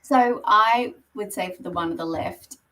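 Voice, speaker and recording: A woman's voice: medium pitch, unhurried, fairly bright tone, recorded from a distance, poor audio. A woman giving a conversational presentation on property marketing, explaining slides with frequent ums. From Australia. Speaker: guest speaker on property marketing.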